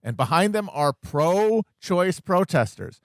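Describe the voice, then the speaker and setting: A fairly high-voiced man co-hosts a podcast, spinning stories wryly and often restarting his sentences. The sound is dry and close to the mic. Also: very animated, slow, no room sound. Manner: wry, storytelling, stammering restarts. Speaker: podcast co-host. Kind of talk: casual podcast chat.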